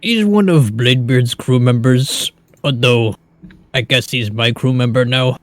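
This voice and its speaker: A man's voice: medium pitch, unhurried, no echo. Easygoing man playing a tabletop game. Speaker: player. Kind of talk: tabletop role-play, in character.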